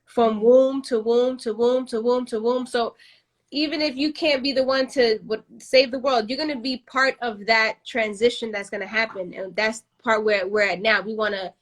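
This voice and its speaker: A woman with a somewhat high voice talks passionately in a casual podcast chat. She rambles and often restarts her sentences as she works through her ideas. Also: steady tone, moderate pace. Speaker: podcast host.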